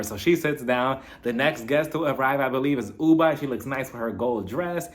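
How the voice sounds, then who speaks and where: A man's voice: medium pitch, brisk, few pauses. A man giving a casual, gossipy recap of a reality show, acting out the cast members' lines as he goes. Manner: gossipy, animated, acts out cast members' quotes.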